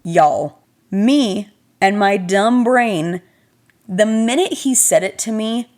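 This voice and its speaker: A woman's voice: mid-range voice, slow. Chatty woman telling a story to camera. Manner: chatty, animated, self-deprecating, addresses viewers as y'all. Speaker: vlogger.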